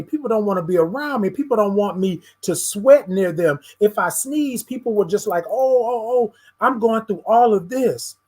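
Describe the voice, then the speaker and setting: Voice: mid-range voice, breathy edge. A show host giving a candid personal monologue, speaking straight to the audience as y'all and often stuttering over repeated words.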